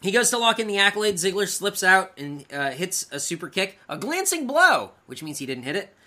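A man co-hosting a podcast, recapping wrestling matches in casual chat and acting out the wrestlers' lines in loud bursts. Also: sits high, very animated, brisk. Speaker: podcast co-host.

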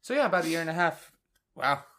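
A man's voice: on the high side, expressive, quick pace, a bit bright. A man co-hosting a podcast, chiming in with short, dry remarks during a casual chat. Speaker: podcast co-host.

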